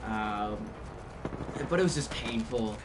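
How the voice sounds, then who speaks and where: On a live game stream, a young man tells a rambling story full of fillers and restarts, speaking slowly in an animated, fairly low voice. The mic is distant and picks up background noise.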